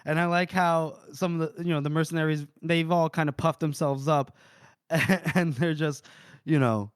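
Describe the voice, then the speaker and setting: A man retelling chapters on a podcast, with a fairly high voice and quick shifts into character lines. Recorded close and dry on a podcast mic. He is animated and chatty. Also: clean tone, no echo. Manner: animated storyteller who acts out quotes. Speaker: podcast co-host. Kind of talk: casual book-discussion chat.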